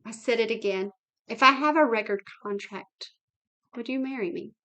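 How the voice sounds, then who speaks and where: A woman's voice: on the high side, normal speed, fairly bright tone, close to an everyday voice. A woman reading the lines of an earnest young male rock singer looking back on his past. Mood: amused.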